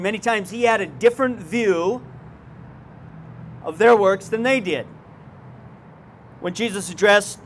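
A man with a high-pitched voice preaches a sermon to his congregation. He keeps it conversational, drops in folksy asides and puts questions straight to his listeners. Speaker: pastor.

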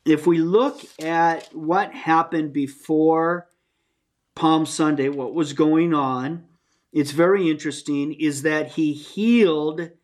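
A Bible teacher giving a conversational sermon, earnest and plain-spoken, often restarting and adding asides. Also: mid-range voice.

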